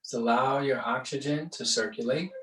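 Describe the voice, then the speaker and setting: A man's voice: medium pitch, normal speed, fairly bright tone. A man teaching a guided breathing class. He talks in a conversational way and often checks in with "right?". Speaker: yoga and meditation instructor. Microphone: far from the mic. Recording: roomy echo, distant mic.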